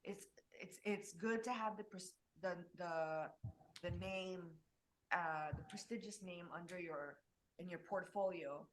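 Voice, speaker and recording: A woman from Mexico, a designer appearing as a guest, chats casually about studying graphic design. Her voice sits on the low side and runs a little slow, and she's talkative, often restarting her sentences. A little hiss or hum sits under the recording.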